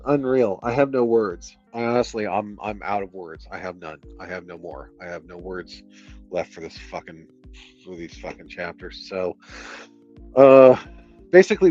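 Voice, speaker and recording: Man, streamer reading a book aloud, sardonic, exasperated, swears a lot, low voice, faint background music. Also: a little mellow. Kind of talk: book reading with casual commentary. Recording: dull lo-fi audio, faint music.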